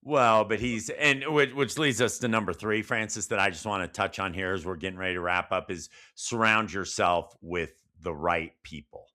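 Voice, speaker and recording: A middle-aged man co-hosting a podcast, telling stories conversationally with big upward jumps in pitch when he retells a scene. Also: normal speed, few pauses, pushed and bright. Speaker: podcast co-host.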